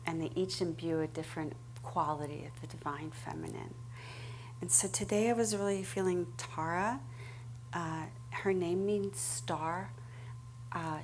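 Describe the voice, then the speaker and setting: Low-voiced woman leading a meditation. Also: slight background noise. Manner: gentle, meandering, with frequent fillers. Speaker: meditation leader. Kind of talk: guided meditation talk. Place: studio with a small audience.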